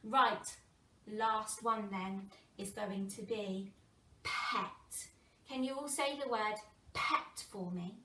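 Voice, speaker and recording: A woman with an English accent teaching a phonics lesson to young children, sounding out words slowly and with a lot of expression. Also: mid-range voice. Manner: animated, exaggerated sounding-out of words with gasps and whispers. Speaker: primary school teacher. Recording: roomy distant mic, faint background noise.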